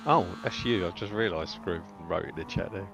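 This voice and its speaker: A man's voice: low voice, normal speed, gravelly. A man doing casual, chatty commentary on an online race, bantering with his co-hosts. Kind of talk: casual sim racing commentary. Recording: dull lo-fi stream audio with faint noise.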